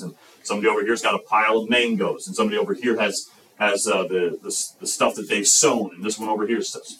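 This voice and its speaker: A man from the United States preaching a sermon, telling a story and acting out voices and sounds as he goes. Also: fairly low pitch. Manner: animated storyteller, acts out voices and sound effects. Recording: roomy, from a distance.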